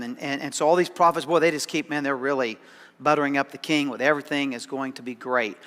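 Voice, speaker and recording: A man's voice: medium pitch, steady tone, fast talker, pushed and bright, in a large hall. A man preaching a sermon as pastor, conversational and dryly sarcastic, often repeating words as he starts a thought. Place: church sanctuary.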